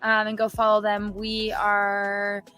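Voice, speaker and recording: A woman's voice: mid-range voice, completely flat delivery, slow, pushed and bright, poor audio. A woman co-hosting a casual live-stream chat, upbeat and chatty with many fillers. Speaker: co-host. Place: studio.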